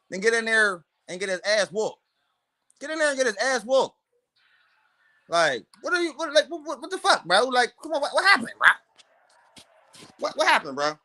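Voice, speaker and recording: Streamer, male, trash-talking boxing commentary; bright, lively delivery, mocking and profane. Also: high voice. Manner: mocking, profane, laughing, repeats himself.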